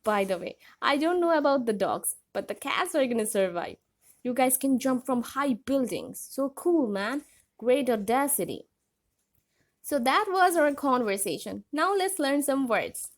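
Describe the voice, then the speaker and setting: A woman hosting an online English vocabulary lesson, explaining words in a clear, friendly way. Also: sits high, lively intonation, measured pace. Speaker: English vocabulary teacher, channel host.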